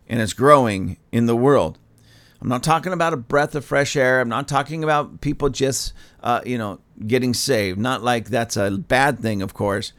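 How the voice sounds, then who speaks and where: A man who is a pastor, preaching on his podcast in an emphatic, conversational way, repeating phrases for emphasis. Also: medium pitch. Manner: conversational asides with fillers.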